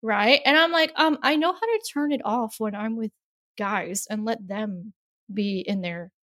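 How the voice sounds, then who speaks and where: A woman's voice: fairly high pitch, a bit bright. A woman business coach, a guest chatting candidly and often ending her points with a questioning tag. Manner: candid, tags sentences with "right?", quick to laugh. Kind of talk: casual interview chat.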